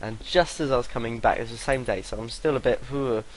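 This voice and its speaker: A man's voice: mid-range voice, fast, a little hiss or hum, rough recording. A young man telling a rambling story to camera, swearing freely and laughing between sentences. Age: young adult. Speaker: vlogger.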